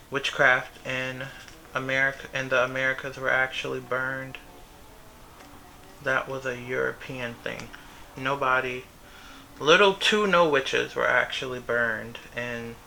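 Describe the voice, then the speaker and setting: A man's voice: medium pitch, vocal fry, sharp tone, slight background noise, rough recording. A young man, chatting casually and rambling to himself while he works on a sewing project at home. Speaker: vlogger. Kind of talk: casual talk to camera. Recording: background music under voice.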